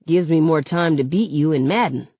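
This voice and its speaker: Awkward teen boy from a novel , voiced by a woman reader, said low and plain on a dry, lo-fi recording. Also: normal speed, husky, no echo. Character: white teenage boy, awkward and easygoing. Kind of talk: reading a novel aloud. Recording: dull lo-fi, dry sound.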